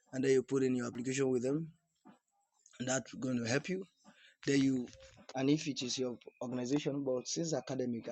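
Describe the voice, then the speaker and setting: A man's voice: medium pitch, darkish tone, a little hiss or hum, rough recording. A man coaching viewers through an application in an instructional talk to camera, talking emphatically, repeating key points and restarting phrases.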